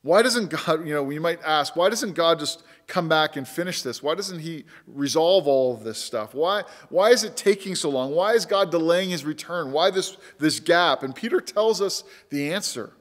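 A pastor delivers a sermon in a church sanctuary, his speech earnest and emphatic with key words repeated for emphasis. He sounds on the high side, expressive and fairly bright, speaking at a moderate pace with few pauses as long reverb trails behind him.

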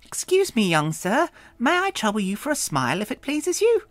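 Male narrator doing a prim posh lady, high, fussy, fake accent. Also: huge pitch swings, moderate pace, fairly bright tone, no echo, exaggerated voice. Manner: dainty, overly courteous, high-pitched.

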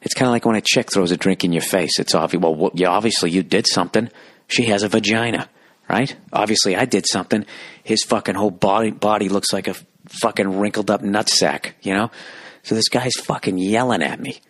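Husky, lowish man in his forties, sweary podcast rant, plays every part of the story himself. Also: fairly bright tone, dry recording, clean studio sound. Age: 40s. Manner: fast, sweary, acts out both sides of a story. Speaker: podcast host. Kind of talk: profane comic rant.

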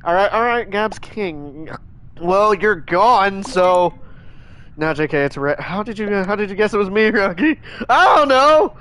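High-voiced excitable male streamer. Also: unhurried, a little hiss or hum. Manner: excitable, rambling, scolds chat with frequent restarts. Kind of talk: live gaming stream chat.

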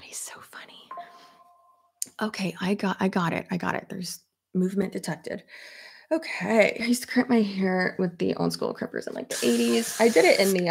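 A woman's voice: fairly low pitch, creaky, slightly rough. A woman in her thirties chatting casually at her desk while doing her hair, rambling and laughing often. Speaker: YouTuber. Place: home office at her desk.

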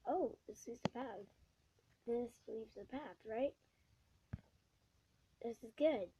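A woman giving gameplay commentary, excitable, swinging from hushed whispers to sudden shrieks. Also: fairly high pitch, slow, background noise. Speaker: gamer.

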